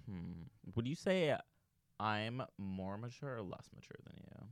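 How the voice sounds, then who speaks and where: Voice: medium pitch, animated, a little slow, no echo. A young podcast co-host asking would-you-rather questions in a playful, joking way. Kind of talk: casual chat.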